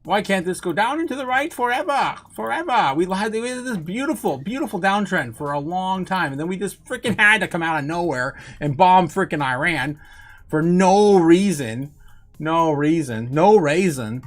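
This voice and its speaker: A fairly high-voiced young man hosts a loose live stream, a little drunk. He rambles, laughs easily and breaks into loud, swearing exclamations. Soft music plays faintly behind him. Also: expressive, normal speed. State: tipsy. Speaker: host of a crypto livestream.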